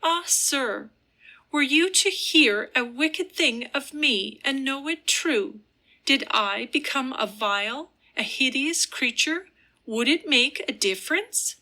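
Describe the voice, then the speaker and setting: A woman voicing an earnest, wistful young noblewoman, speaking high and pleading in a gentle voice. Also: animated, slow, full character voice.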